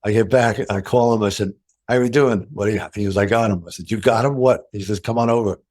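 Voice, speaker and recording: An older man with a somewhat low voice telling stories from his recording career in an interview. He talks in an animated way and jumps up in pitch when he quotes people. The delivery is loose and conversational. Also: quick pace. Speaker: guitarist, interview guest. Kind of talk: storytelling in an interview.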